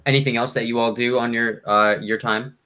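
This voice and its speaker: A man's voice: mid-range voice, fairly even intonation, fairly quick, pushed and bright. A man running a tabletop game as game master, joking and laughing often.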